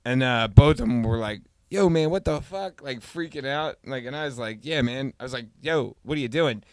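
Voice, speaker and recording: A man hosting a podcast, casually telling a story and acting out the voices with loud exclamations. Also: medium pitch, a little fast, smooth, no echo, studio quality. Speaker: podcast host.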